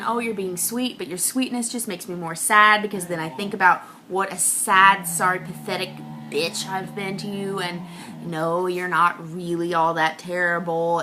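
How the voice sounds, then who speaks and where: Young woman, comic monologue, ranting and self-mocking, bright tense voice, faint noise behind. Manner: ranting, self-mocking, swings between whispers and high outbursts.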